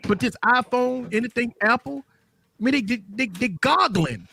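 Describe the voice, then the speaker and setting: A man's voice: very high-pitched, a little fast, gravelly, slight background noise. A man hosting a live tech chat show. He talks casually and keeps checking in with "right?". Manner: animated, tag questions like "right?". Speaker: host.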